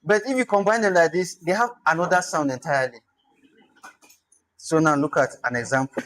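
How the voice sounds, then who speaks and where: A man's voice: a little high, brisk, a bit bright, poor audio. A man giving an online lesson on spelling, thinking aloud, sounding out words and chuckling as he goes. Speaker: instructor.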